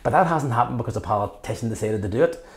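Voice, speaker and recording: A man in his fifties with a Belfast accent talks very fast in a medium-pitched voice. He's an interview guest telling stories with passion, animatedly acting out what people said in a conversational exchange.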